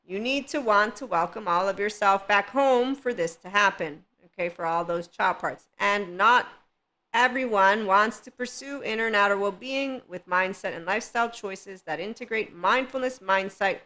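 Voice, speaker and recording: Bright-voiced woman hosting a spiritual podcast. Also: medium pitch. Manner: rambling, laughs often, sarcastic asides. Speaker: podcast host. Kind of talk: casual spiritual monologue.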